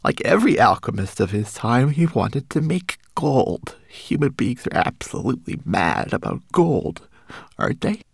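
A tiny, tearful homunculus servant, his voice high and trembling as he pleads. The voice leaps and swoops with a gravelly edge. It is recorded close and dry. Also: very animated, normal speed, no room sound, exaggerated voice. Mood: anxious, explaining. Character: small, tearful, timid male homunculus servant. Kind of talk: audiobook character voice.

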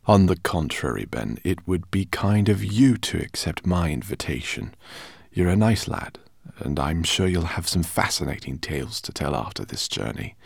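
A man's voice: low-pitched, animated, moderate pace, gravelly, dry recording, clean studio sound, heavily acted. A man voicing a kindly, bookish male professor who talks in a courteous, rambling way. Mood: genial. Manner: courteous, rambling, gently embarrassed. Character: kindly bookish male professor, middle-aged, fussy host.

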